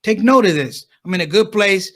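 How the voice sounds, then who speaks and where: A man's voice: high voice, normal speed. A man doing stand-up comedy, talking straight to the crowd and acting out the people in his stories. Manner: animated, acts out others' voices, talks to the crowd.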